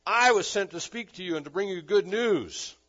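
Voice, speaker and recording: Bold insistent angel guy, a preacher putting him on, kinda high voice, dull lo-fi sound. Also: animated, normal speed. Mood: emphatic. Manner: forceful, insistent. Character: emphatic male angel messenger, bold and confident. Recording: dull lo-fi recording.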